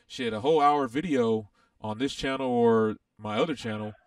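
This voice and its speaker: A man hosting a casual racing game livestream, rambling and animated with lots of fillers. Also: mid-range voice, moderate pace, vocal fry, no room sound. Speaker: livestream host. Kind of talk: casual gaming livestream chat.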